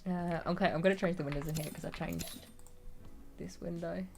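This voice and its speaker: A woman's voice: fairly low pitch, fairly even intonation, fairly quick, a little mellow, soft background music. Chatty woman streamer, giggly. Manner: chatty, giggly, reads chat aloud. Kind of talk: casual livestream chat.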